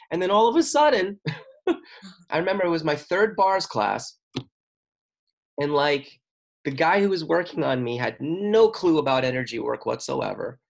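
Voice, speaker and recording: A man who works as a chiropractor and facilitator, telling a personal story in an interview in an earnest, expressive way that rambles, acting out the voices he quotes. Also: mid-range voice, vocal fry. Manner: rambling and apologetic about talking a lot.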